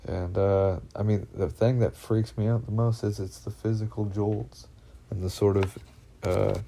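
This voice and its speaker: A man telling of his own experiences in a halting, anxious monologue, full of fillers, restarts and swearing. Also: fairly low pitch, little pitch movement, creaky, warm tone. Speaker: vlogger recounting personal experiences. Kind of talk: rambling first-person monologue.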